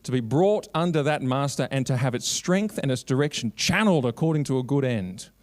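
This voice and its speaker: A man's voice: lively intonation, brisk. Emphatic man preaching a keynote. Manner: emphatic, swinging between raised urgent lines and low quiet asides; quotes scripture and builds long repeated lists. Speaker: Christian lobby director giving a keynote.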